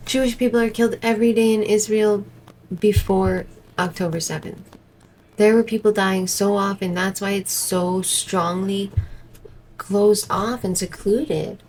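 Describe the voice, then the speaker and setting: A woman's voice: medium pitch, steady tone, unhurried, a little mellow, a little hiss or hum, low-quality recording. A woman vlogger giving exasperated, indignant commentary as she reacts to a protest video from home. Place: indoors at home.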